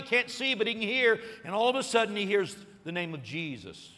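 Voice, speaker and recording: A man preaching a sermon, telling a story with lively acted-out voices and rising to excited peaks. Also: high voice, normal speed, hardly any pauses, in a large hall. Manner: animated storytelling, acting out voices and building to shouted peaks. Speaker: pastor.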